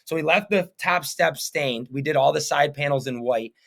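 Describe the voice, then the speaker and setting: A man's voice: fairly high pitch, moderate pace, creaky, fairly bright tone. A man in his thirties, a painting business owner, talking as a podcast guest in an earnest, rambling way full of fillers. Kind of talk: casual interview chat.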